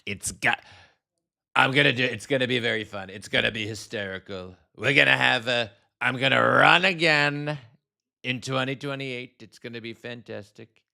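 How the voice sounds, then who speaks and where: A man's voice: medium pitch, moderate pace, vocal fry, sharp tone, voice pushed up. A man putting on an impression of a boastful older male politician who drags out self-congratulating lines. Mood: smug.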